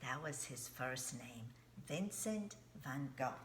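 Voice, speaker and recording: A woman's voice: low-pitched, lively intonation, takes it slowly, echoey room, slight background noise. A middle-aged woman, an art teacher, giving a children's art lesson in simple, coaxing words and asking the kids questions.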